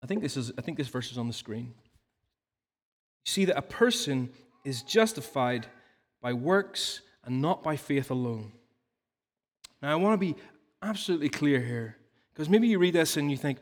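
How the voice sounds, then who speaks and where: Preacher in a reverberant church hall. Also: male voice, mid-range voice, expressive, moderate pace, long pauses. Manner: earnest teaching tone, explains with stories and rhetorical questions. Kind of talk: sermon. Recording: long reverb of a large hall.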